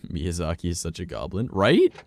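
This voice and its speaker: A man chats loosely with his stream audience, drifting from idea to idea and swearing freely. His voice sits low and gravelly, yet it swings widely in pitch. The sound is dry and close, with no room echo. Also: wildly swooping pitch, normal speed. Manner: rambling, sprinkled with swearing and laughs. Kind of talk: casual chat to stream viewers.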